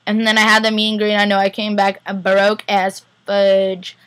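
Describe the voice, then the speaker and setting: A woman's voice: mid-range voice, little pitch movement, normal speed, a bit bright, dry recording. A young woman vlogger casually rambling through a recap, full of "like" and acted-out quotes. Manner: rambling, heavy use of "like", acts out quotes.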